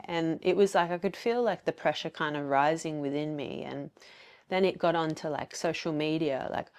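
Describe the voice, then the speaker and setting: Low, gravelly Australian woman, podcast host, confessional solo monologue. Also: normal speed, darkish tone. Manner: candid, confessional, fillers and quoted self-talk.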